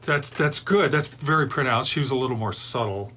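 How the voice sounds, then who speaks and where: A man's voice: medium pitch, brisk, sharp tone. A middle-aged man hosting a beer review show, chatting casually and drifting off into long digressions. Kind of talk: rambling casual chat.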